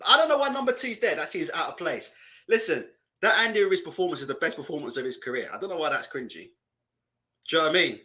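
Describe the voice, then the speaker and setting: Guy streaming reactions, high bright voice, chatty and mocking. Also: very animated, quick pace. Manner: chatty, mocking, laughs often, asks rhetorical questions. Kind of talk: casual live-stream reaction commentary.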